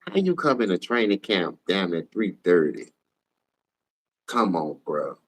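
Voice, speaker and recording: A tired man with a New Orleans accent ranting profanely on a casual sports livestream, switching between low mumbles and loud outbursts. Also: big pitch swings, measured pace. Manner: profane, heated, jumps between mumbling and shouting.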